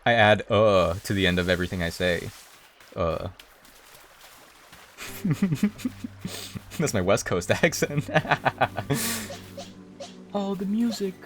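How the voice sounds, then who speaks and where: A man casually chats with his viewers during a video game livestream, speaking slowly with long pauses. When something happens in the game, he bursts into high, excited yelps.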